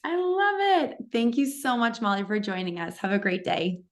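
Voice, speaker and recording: A woman's voice: a little high, sing-song. Brief: middle-aged woman, podcast host, chatty and effusive, casual interview chat. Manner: chatty and effusive, quick restarts.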